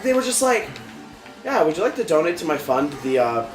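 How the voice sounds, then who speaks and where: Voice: mid-range voice, sing-song, a little fast, music in the background. A co-host of a gaming show chatting bluntly in casual banter, swearing freely and giggling. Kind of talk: casual let's-play banter. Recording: echoey room.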